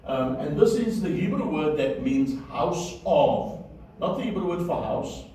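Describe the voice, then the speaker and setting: A man teaches Biblical Hebrew in a classroom lecture, repeating key words and checking that his students are following. His voice is fairly high and mellow, with lively intonation and a measured pace. The recording is very echoey and distant, with faint room noise.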